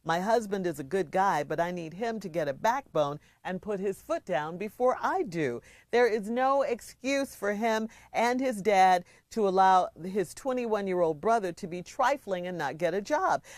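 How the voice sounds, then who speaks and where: A middle-aged woman from Chicago co-hosting a radio show, chatting playfully with laughs, reading listener shout-outs and an advice letter. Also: on the low side, dry recording. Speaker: radio co-host giving advice. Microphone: studio microphone.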